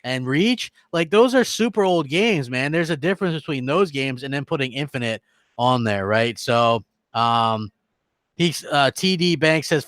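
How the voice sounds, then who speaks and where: A man's voice: on the high side, fairly bright tone, no echo. A man co-hosting a gaming podcast, ranting heatedly with rhetorical questions. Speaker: podcast co-host.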